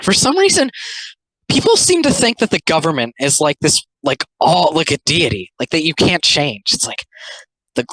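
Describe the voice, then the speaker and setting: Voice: medium pitch, big pitch swings, normal speed, fairly bright tone, no room sound, low-quality recording. A speaker giving casual, rambling, sarcastic commentary on comics, full of filler words. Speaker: commentary host.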